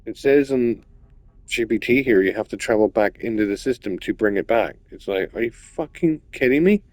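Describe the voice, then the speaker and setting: A man's voice: on the low side, expressive, moderate pace, dry recording. Swearing, ranting gamer man. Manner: swears a lot, ranting, repeats himself. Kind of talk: frustrated gameplay commentary.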